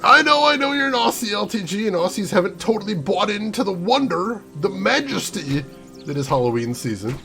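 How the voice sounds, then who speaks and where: A man's voice: sits high, sing-song, a little fast, creaky, sharp tone, soft background music. A young American man streaming a game, chatting casually and mock-ranting playfully at his chat. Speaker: gaming streamer. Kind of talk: casual gameplay commentary.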